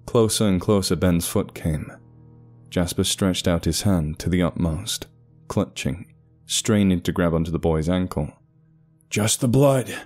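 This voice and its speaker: A man narrates a horror story in a measured, ominous manner, his voice low and mellow. Faint music runs underneath. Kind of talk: scripted narration.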